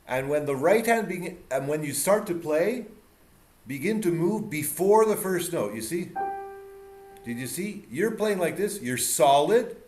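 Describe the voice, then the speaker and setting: A man's voice: on the high side, expressive, measured pace, darkish tone. Man coaching a piano student. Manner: encouraging, demonstrative, repeats words for emphasis. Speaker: piano teacher. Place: music room with piano and mirror. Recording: piano playing behind the voice.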